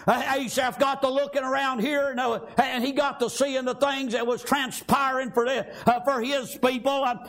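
High-pitched shouting preacher man. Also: little pitch movement, normal speed, hardly any pauses. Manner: emphatic, rhythmic Pentecostal-style preaching with frequent amens and shouts. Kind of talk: sermon.

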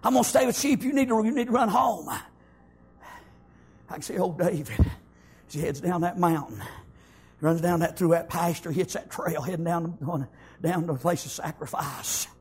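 A preacher tells a Bible story in homespun speech, his voice pitched high and husky. He swings from easy storytelling into shouted runs of praise and peppers every pause with amens. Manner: shouts in rising bursts, folksy storytelling, frequent amens. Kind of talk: sermon.

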